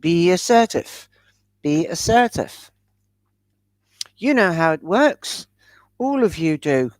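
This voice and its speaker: A woman reads tarot cards for her live viewers, chatty and generous with endearments. She talks at an unhurried, slow pace. Her voice sounds dry and close, with no room around it. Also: lowish voice, lively intonation, no room sound. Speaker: tarot reader. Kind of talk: live-stream tarot reading.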